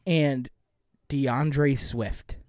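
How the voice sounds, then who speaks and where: A man's voice: medium pitch, steady tone, very slow, darkish tone, dry recording, studio quality. A young man hosting a casual sports podcast, rambling with lots of fillers. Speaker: podcast host and editor.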